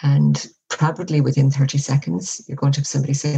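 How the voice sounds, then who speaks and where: Measured woman with a husky mellow voice. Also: low-pitched, fairly even intonation, low-quality recording. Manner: measured, reflective, often acts out example dialogue. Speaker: workplace wellbeing guest. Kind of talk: conversational podcast interview.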